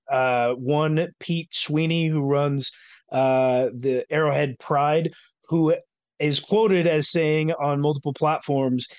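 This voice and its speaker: A man's voice: a little high, no echo. A man hosting a casual sports podcast, chatty and rambling, with many filler words. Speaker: podcast host.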